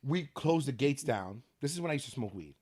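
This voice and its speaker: A young man, telling a story as a podcast guest in an animated, laughing, profane way. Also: medium pitch, brisk. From New York City. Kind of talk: casual storytelling.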